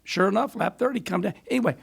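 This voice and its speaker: A man's voice: sits high, quick pace, gravelly, breathy edge. A middle-aged man, a podcast guest, telling rambling stories in casual chat and laughing often. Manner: animated, rambling storyteller who laughs often. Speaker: podcast guest, former racer.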